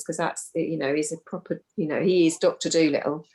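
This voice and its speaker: Low-voiced mum chatting on a call. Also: female voice, fairly even intonation, a little fast, darkish tone. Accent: English. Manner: candid, chatty, restarts her sentences. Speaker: parent carer in a support group. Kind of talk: casual sharing in a group call.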